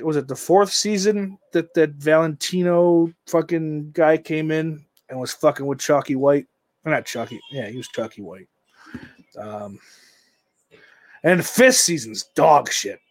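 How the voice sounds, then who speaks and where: A man's voice: fairly high pitch, expressive, measured pace. A man chatting casually on a stream, rambling and swearing, often trailing off into mumbles. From United States.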